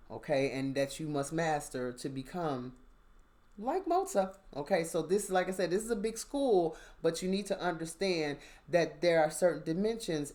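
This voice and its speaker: A woman, a mother, telling a casual, animated story about her spiritual experiences and checking in with the listener. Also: medium pitch. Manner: animated, conversational, asks listener "you understand?". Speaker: spiritual vlogger.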